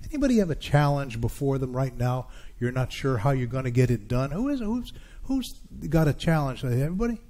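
A man's voice: mid-range voice, warm tone. A middle-aged man preaching a sermon as pastor, calling out to his congregation. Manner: preaching with rising calls to the congregation.

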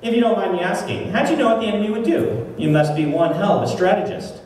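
A man's voice: sits high, animated, quick pace, darkish tone, voice pushed up. A man voicing an eager young female shuttle pilot with a put-on Southern accent, reading aloud in a distant, echoey hall.

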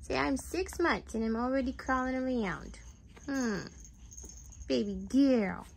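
A woman's voice: sits high, measured pace, creaky, breathy edge. A mother on a family vlog, cooing at her baby in sing-song baby talk.

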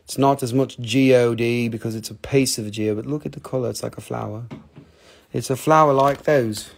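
A man with a gravelly, mid-range voice hosts a live rock and mineral sale, speaking at a normal speed in a steady tone. He rambles and jokes as he shows off stones, swearing freely throughout this casual sales stream.

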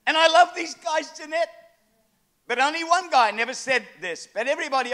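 Older man, pastor, sermon, high voice, animated storytelling. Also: brisk. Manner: animated storytelling with acted quotes.

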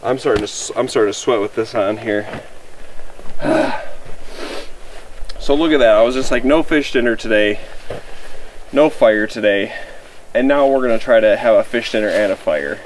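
A young man vlogging on a wilderness camping trip, talking casually to the camera and coaxing his dog in high, excited calls. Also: normal speed, pauses often, distant mic, slight background noise, rough recording. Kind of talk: casual outdoor vlog talk to camera and dog. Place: outdoors in the woods at a campsite.

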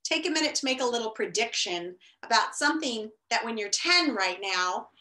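A woman teacher reading a novel aloud to students, expressive, with chatty asides. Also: a little high, normal speed. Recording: roomy echo.

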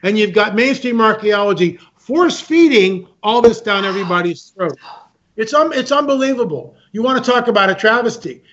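A man's voice: high-pitched, expressive, brisk, fairly bright tone. A man speaking as a guest, telling stories with emphasis, repeating himself and acting out other people's lines. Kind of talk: animated storytelling talk. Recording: muffled lo-fi sound.

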